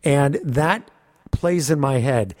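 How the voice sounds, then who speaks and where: Male podcast co-host, lively casual storyteller, average pitch, dry recording. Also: slow pace, dry recording. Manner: animated storyteller, swearing, laughing often. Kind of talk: casual chat.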